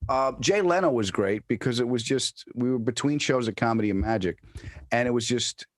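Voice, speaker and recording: A New York comedian, guesting in an interview, chats casually and tells stories, restarting often and acting out quoted voices. His medium-pitched voice is animated and a little fast, recorded in studio quality with no room sound.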